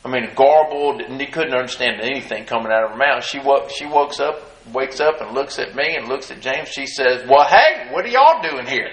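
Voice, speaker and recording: A man's voice: mid-range voice, steady tone, brisk, hardly any pauses, fairly bright tone. A man preaching a sermon, reading scripture aloud and then commenting on it in a folksy, emphatic way. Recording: roomy echo.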